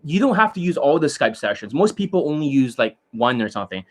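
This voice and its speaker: Blunt, profane, husky-voiced man. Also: mid-range voice, very animated, quick pace. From Canada. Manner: blunt, profane, rambling, scolding. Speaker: dating coach. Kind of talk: profane monologue to students.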